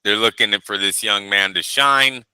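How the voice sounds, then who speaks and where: Low, sharp-voiced man arguing fight picks. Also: moderate pace, clear, resonant tone, dry recording, poor audio. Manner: emphatic, teasing, opinionated. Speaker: boxing show co-host. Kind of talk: casual chat.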